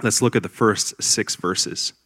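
A man's voice: on the low side, measured pace, fairly bright tone, breathy edge, no echo, clean studio sound. A man preaching a sermon to a congregation, earnest and explanatory, with emphatic bursts and light teasing of his listeners.

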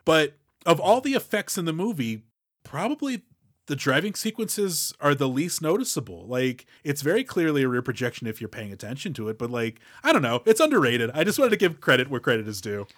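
A man's voice: on the high side, very animated, brisk, a bit bright, no room sound. Man, podcast co-host, explainer, casual, lots of fillers, dry recording. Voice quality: explanatory, loose with fillers and "you know". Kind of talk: casual movie podcast chat.

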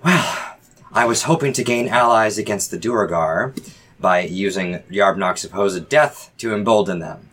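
A man's voice: on the low side, unhurried, a bit bright. A man voicing an exasperated female drow in a posh English accent, with a clipped, impatient manner. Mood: stiff.

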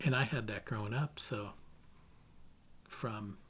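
A man's voice: on the low side, slow pace, a bit bright, breathy edge. A man telling stories about his father in a casual, rambling way, with many fillers and restarts. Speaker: interviewee remembering his father. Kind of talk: casual storytelling.

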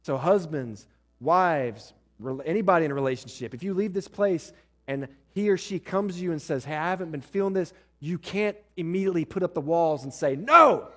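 A man's voice: on the high side, expressive, moderate pace. A male pastor preaching to his congregation, blunt and joking, and acting out what spouses say to each other. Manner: blunt, joking asides, acts out spouses' lines. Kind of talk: sermon.

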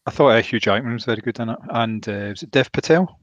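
A man co-hosting a podcast, talking about films in a measured, agreeable way. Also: medium pitch, dry recording, highs cut off. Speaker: podcast co-host. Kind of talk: casual film chat.

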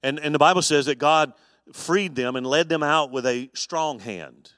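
A man, a pastor, teaching an evening adult Bible study in a folksy, animated storytelling way with touches of humor. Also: fairly high pitch, moderate pace, dry recording, studio quality, big-room sound.

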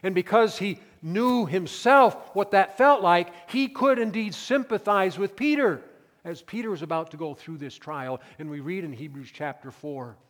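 A man's voice: high voice, normal speed, long reverb tail. A man preaching a Sunday sermon as pastor, earnest and emphatic, in a church. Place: church sanctuary.

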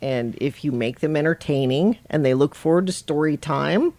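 A woman's voice: sits low, normal speed, warm tone, dry recording. A woman hosting a podcast, chatting casually and reading a children's book aloud, laughing often. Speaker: podcast host.

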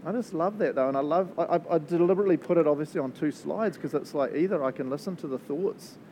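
Animated New Zealand man preaching. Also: fairly high pitch, slight background noise, poor audio. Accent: New Zealand English. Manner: animated, chatty, quick to laugh. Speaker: pastor. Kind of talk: sermon with prayer.

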